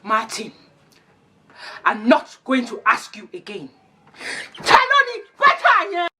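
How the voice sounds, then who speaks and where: A woman's voice: slow pace, heavy background noise, close to an everyday voice. A woman voicing an angry middle-aged mother who scolds and screams at her son. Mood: accusing. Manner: shouting, shrill, scolding.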